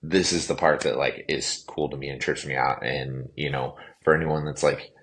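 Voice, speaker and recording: A man, a clinician guest on a podcast, telling a personal story in a casual, animated way, with plenty of "like" and "you know". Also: rumbling low, normal speed.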